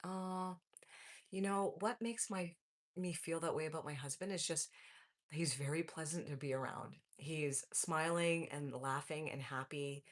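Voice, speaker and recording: A woman in her forties with a low-pitched voice hosts a casual live stream. She reads viewer comments and answers them in an upbeat, friendly way, calling the viewers folks. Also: steady tone, unhurried. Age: 40s.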